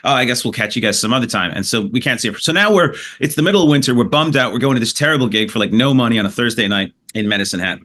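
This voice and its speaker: Canadian comedian guy, bright tense voice, swears a lot, tells stories fast and loose. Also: medium pitch. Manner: animated anecdote-telling with profanity and laughter. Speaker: comedian guest. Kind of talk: storytelling in a podcast interview.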